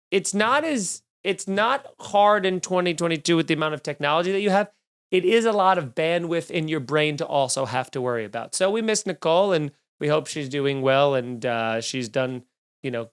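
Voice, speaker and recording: Young male comic host, self-deprecating rant style, clear resonant voice. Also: fairly high pitch, fairly bright tone. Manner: sarcastic, rambling, self-deprecating. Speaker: comedian podcast host. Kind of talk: solo comedic rant. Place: home studio, drinking while recording.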